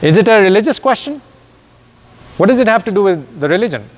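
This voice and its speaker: A man's voice: high-pitched, animated, quick pace, long reverb tail. A man, a native Urdu speaker, giving a recorded lecture and explaining step by step with rhetorical questions.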